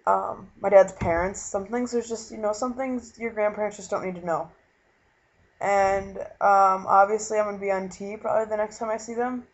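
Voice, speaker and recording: A young man from Minnesota talking earnestly in a casual vlog, halting and full of fillers as he retells a conversation. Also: high-pitched, steady tone. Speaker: vlogger. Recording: dull lo-fi webcam recording.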